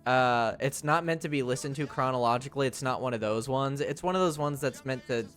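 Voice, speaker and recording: A male streamer with a medium-pitched, fairly bright voice chats casually on a live stream, talking a little fast. He rambles and jokes, full of fillers and restarts, with faint music in the background.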